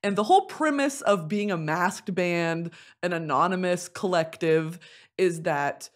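A young woman in her twenties telling a funny story in casual chat as a podcast host, dropping to low mutters and rising to squealing laughs. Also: measured pace. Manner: animated, swings from low confiding mutters to shrieking laughs and squealed whispers.

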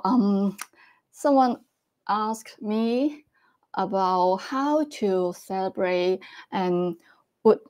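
Slow-talking woman hosting a livestream. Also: mid-range voice, a little mellow. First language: Cantonese. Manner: slow, halting, laughs often. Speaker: livestream host. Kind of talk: casual live-stream chat.

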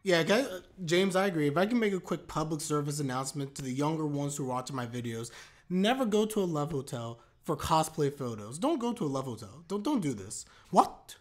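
A man's voice: a little high, sing-song, a little fast. A man casually reacting to an anime episode, talking to his viewers with exclamations and laughter.

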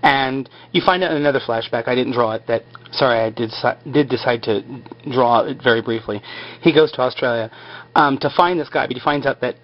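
A man's voice: medium pitch, fairly quick, muffled recording. A man casually retelling a TV episode in a rambling, filler-heavy way. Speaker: show recapper.

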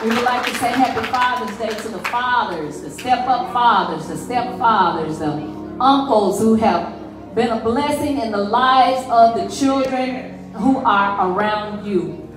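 A woman's voice: fairly high pitch, measured pace, over music. Woman exhorting a church congregation. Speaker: service leader. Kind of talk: church announcements. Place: church sanctuary. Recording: echoey church from a distant mic.

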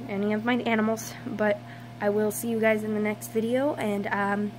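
A tired young woman chatting casually in a home vlog, soft and hesitant with many pauses and ums. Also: mid-range voice, little pitch movement, a little hiss or hum, low-quality recording. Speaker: vlogger. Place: home, indoors.

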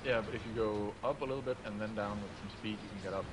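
A man playing a tank game with friends, excitable, shouting and swearing in tense moments. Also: lowish voice, rapid-fire. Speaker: gamer teammate on voice chat. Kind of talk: gaming voice chat. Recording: noisy voice chat line.

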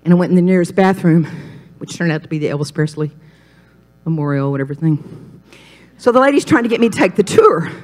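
A woman from Mississippi, a pastor's wife telling her testimony on a talk show, animated and dropping to hushed whispers for emphasis. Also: fairly low pitch, a little fast. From Mississippi, USA.

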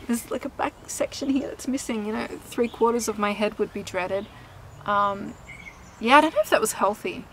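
A woman's voice: fairly high pitch, normal speed, sharp tone, a little hiss or hum, poor audio. A young woman chatting candidly to camera outdoors in a vlog, laughing often and swearing casually. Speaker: vlogger and singer. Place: outdoors in sunshine.

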